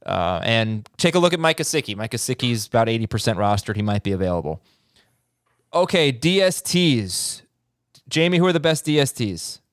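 A man's voice: on the low side, sing-song, quick pace, few pauses, no echo, studio quality. A man hosting a sports podcast, steering the talk and handing off topics with light jokes. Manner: leads the talk, joking and direct. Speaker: podcast host.

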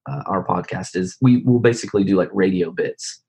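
A man talks as a guest in a casual interview, relaxed and rambling with plenty of fillers. His voice is very deep, with a husky edge. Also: a little fast, poor audio. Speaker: comedy video maker, guest.

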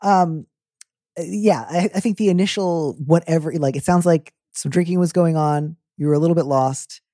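Guy hosting an advice show, mellow warm voice, jokey and playful, dry close sound. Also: a little high, moderate pace, no room sound. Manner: playful, jokey, animated impressions. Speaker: advice podcast host. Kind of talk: casual advice chat.

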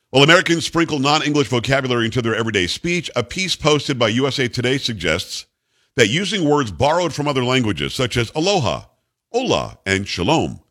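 A man's voice: medium pitch, fairly bright tone. A man hosting a talk radio show, reading news items aloud and mocking them in a combative, sarcastic way. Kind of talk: opinionated talk radio monologue.

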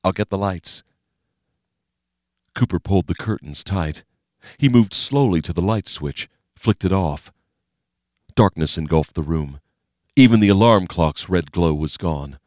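A man reading a novel aloud as narrator, in a steady, measured way. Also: low voice, no echo, studio quality. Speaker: audiobook narrator. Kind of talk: scripted narration.

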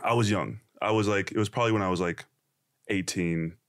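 Young man telling a story, lower voice. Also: fairly quick. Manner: animated, laughing storyteller. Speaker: podcast guest. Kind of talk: casual storytelling.

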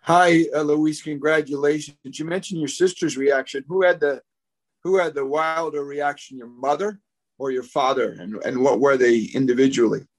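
A man's voice: a little high, steady tone. A man reporter asking a player friendly questions at a press conference, restarting phrases as he goes. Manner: friendly, slightly halting questions.

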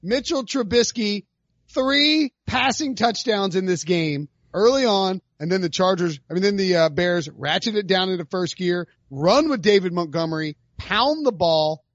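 A man co-hosting a sports betting chat, brash and heated, calling picks with loud rising outbursts. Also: high-pitched, expressive, normal speed, dry recording, muffled recording. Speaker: podcast co-host making picks.

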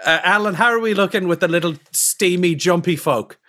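A man playing a tabletop game, joking and lively. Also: high-pitched, fairly quick. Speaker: player.

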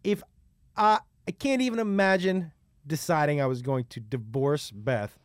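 A man hosting a podcast, talking casually in a blunt, profane, animated way. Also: fairly high pitch, moderate pace, smooth, no echo. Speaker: podcast host. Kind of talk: casual conversation.

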